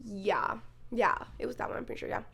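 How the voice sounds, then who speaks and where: A young woman co-hosting a podcast, telling a story in casual chat, animated, laughing often and swearing freely. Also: medium pitch, brisk, gravelly. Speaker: podcast co-host.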